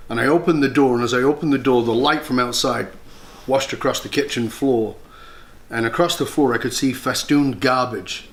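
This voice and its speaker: A man's voice: medium pitch, normal speed. Candid man telling a personal story. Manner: reflective, candid, earnest, with blunt swearing; often acts out his own past words. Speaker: interview guest, leadership mentor.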